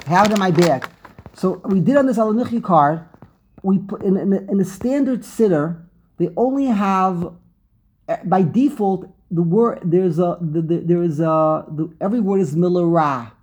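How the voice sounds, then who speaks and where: A man hosting a casual chat over a video call, telling animated stories and laughing often. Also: high voice, moderate pace, breathy edge. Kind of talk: casual conversation.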